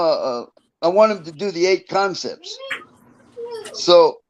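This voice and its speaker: A man's voice: high voice, muffled recording. An older man in a casual interview, telling rambling, profane stories about his past and chuckling between them. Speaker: interview guest, former prisoner.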